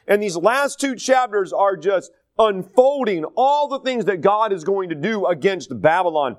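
Folksy preacher, talks on a higher pitch. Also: male voice, lively intonation, measured pace, hardly any pauses, dry recording. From North Carolina, US. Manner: conversational, digressive storytelling. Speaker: pastor. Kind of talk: sermon, Bible study teaching.

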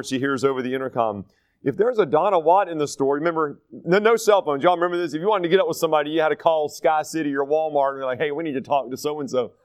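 A man's voice: mid-range voice, clear, resonant tone, no echo. A man from North Carolina, teaching a Bible study in a conversational, digressive style full of stories. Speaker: pastor.

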